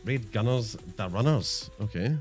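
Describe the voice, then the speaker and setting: A man's voice: fairly low pitch, animated, unhurried, darkish tone, faint music behind. A man streaming a game, chatting casually and self-mockingly to viewers, swearing often. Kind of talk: casual live-stream chat.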